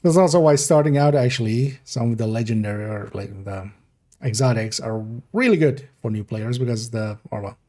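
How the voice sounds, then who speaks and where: A man's voice: mid-range voice, moderate pace, warm tone. A man streaming a game, chatting casually in a rambling, mumbling way full of fillers. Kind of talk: casual livestream game talk.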